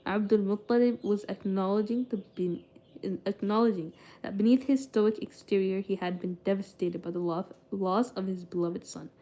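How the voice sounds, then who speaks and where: A woman's voice: medium pitch, steady tone, moderate pace, warm tone. A young woman streamer reads a book aloud with frequent stumbles and restarts, then breaks off into loose, casual chat with her viewers, full of "like" and "I don't know".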